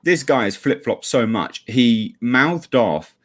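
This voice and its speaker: A man's voice: mid-range voice, expressive, slow, fairly bright tone. A man giving blunt, sweary, sarcastic livestream commentary as a regular panelist.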